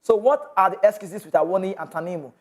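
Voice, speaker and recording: High-voiced Nigerian man chatting football news. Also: quick pace. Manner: chatty, mixes in pidgin asides, laughs often. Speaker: sports show host. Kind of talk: casual football news commentary.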